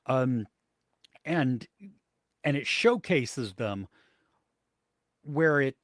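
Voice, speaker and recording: Man, podcast co-host, loose rambling delivery with plenty of ums, mid pitch, dry close sound. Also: animated, very slow, no echo. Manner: rambling, many fillers and restarts. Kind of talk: casual chat about movies and shows.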